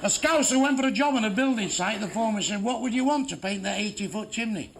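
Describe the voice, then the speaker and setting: Stand-up comic, male, crude and blunt, fairly high voice, noisy live recording. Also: expressive, quick pace. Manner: crude, heavy swearing, blunt punchlines. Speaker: stand-up comedian. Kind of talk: stand-up joke telling.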